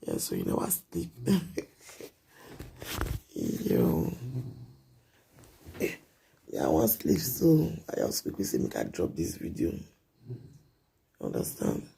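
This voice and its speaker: A man rants in a very deep, gravelly voice, his pitch leaping wildly up and down. He scolds and repeats himself in a late-night vlog monologue, and his voice sounds dark and husky. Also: huge pitch swings, takes it slowly, long pauses. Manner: ranting, repetitive, scolding. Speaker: live-video vlogger.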